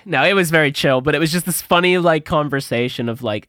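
A fast-talking man with a voice on the high side co-hosts a podcast, the recording dry and of studio quality. In casual conversation he tells a story with gusto, putting on voices for everyone he quotes.

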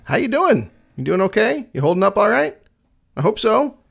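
A man's voice: high-pitched, sing-song, normal speed, gravelly, a bit bright. A man in his forties hosting a music podcast, chatty and laughing easily, with lots of fillers. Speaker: podcast host. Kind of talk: casual chat.

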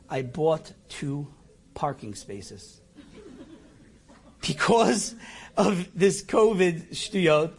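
A middle-aged man telling a personal anecdote, animated and self-mocking, acting out his own lines. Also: a little high. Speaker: storyteller. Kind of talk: personal anecdote told to an audience.

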